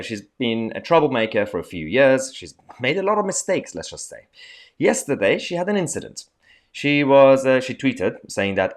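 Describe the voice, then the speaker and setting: A man's voice: mid-range voice, very animated, normal speed. A man hosting a political commentary show, talking casually to his viewers in a sarcastic, mocking way with plenty of fillers.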